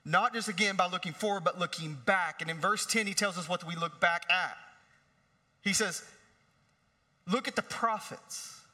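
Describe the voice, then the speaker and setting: Bright, high-voiced man preaching in a hall. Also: normal speed. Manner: conversational preaching, rising to emphatic. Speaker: pastor. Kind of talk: sermon. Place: large church hall. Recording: long reverb of a large hall.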